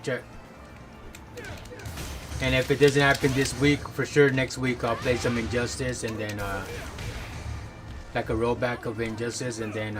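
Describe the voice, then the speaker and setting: A male game streamer chatting casually with viewers, rambling and loose with lots of fillers and self-corrections. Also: medium pitch. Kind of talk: casual chat.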